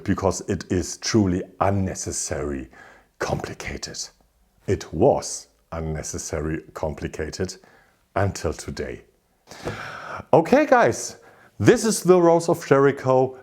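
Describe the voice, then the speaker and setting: A man with a German accent talks through a crochet tutorial in a casual, chatty way. His voice sits low, yet it leaps up and down with expressive energy. He tells the story with animated exasperation.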